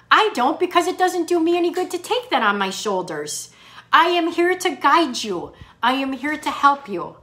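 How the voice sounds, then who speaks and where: Upbeat, bright-voiced woman coach. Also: sits high. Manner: upbeat and encouraging, repeats key phrases. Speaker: fitness coach. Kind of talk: live chat reading viewer comments.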